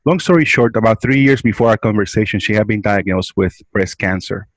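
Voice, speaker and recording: A man's voice: fairly low pitch, brisk, no echo, low-quality recording. A man from a hospice care provider, earnestly explaining in an interview and often checking in with "right?". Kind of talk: interview explaining and telling a story.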